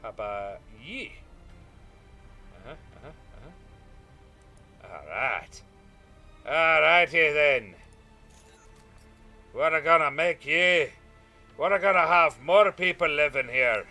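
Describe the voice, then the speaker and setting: A hearty, brisk Scotsman rolls out his "ye"s in a broad, overdone brogue, as a gamer puts the voice on for laughs. The voice sits a little high and comes out bright and forceful. Faint music plays underneath. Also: lively intonation, full character voice. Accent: put-on Scottish. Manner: exaggerated, self-mocking brogue. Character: jolly mock-Scottish man, hearty and brisk.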